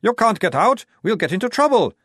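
A man's voice: high voice, very animated, a little fast, fairly bright tone, husky, dry recording, studio quality, voice pushed up, exaggerated voice. A man voicing an officious male corporal.

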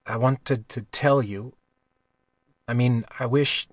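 A man voicing a young thief in his own voice, low, calm and dry-humored, in an audiobook. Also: slow, dry recording. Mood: wry. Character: young male thief, wry and quietly confident.

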